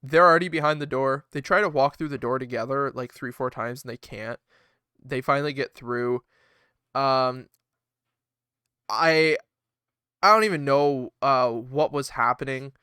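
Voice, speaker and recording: A man's voice: mid-range voice, measured pace, pauses often, smooth, no room sound, studio quality. A man co-hosting a casual podcast, talking animatedly with lots of swearing and laughter. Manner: animated, profane, laughs often, acts out wrestlers' lines. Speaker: podcast co-host.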